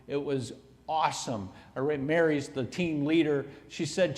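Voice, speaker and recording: A man telling a story as a motivational speaker at a conference, emphatic and animated, dropping from loud to hushed. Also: fairly high pitch, a little slow. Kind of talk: storytelling keynote speech. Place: conference hall. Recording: long hall reverb.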